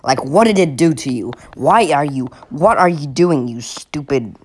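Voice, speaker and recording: A man's voice: on the high side, animated, moderate pace, breathy edge. A young man from Finland giving mocking, exasperated comic commentary over a video. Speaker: comedy video creator.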